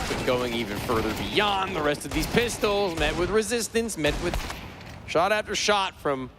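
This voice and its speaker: A man's voice: medium pitch, noisy background. Dramatic male play-by-play esports caster. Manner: dramatic, emphatic play calls. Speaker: esports commentator. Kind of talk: play-by-play game commentary.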